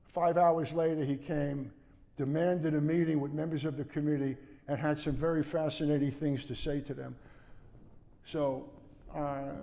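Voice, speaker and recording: A man's voice: fairly high pitch, gravelly, warm tone. Older man telling long stories, reverberant. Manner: digressive, restarts sentences, acts out quoted dialogue. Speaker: interview guest, former prosecutor. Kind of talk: rambling storytelling interview.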